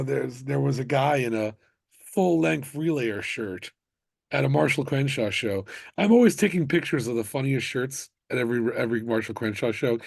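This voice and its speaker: A man from the United States, a musician, telling stories in a casual interview with animated bursts of excitement. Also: mid-range voice, creaky, breathy edge, no echo. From United States (Miami). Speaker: musician guest.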